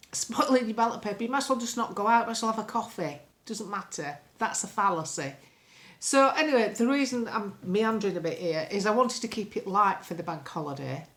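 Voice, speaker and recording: An older English woman from England vlogging from home into a phone camera, chatting bluntly and meandering through opinions. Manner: blunt, opinionated, meandering, lively swings in pitch. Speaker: political vlogger. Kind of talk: casual rambling monologue to camera. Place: home, indoors.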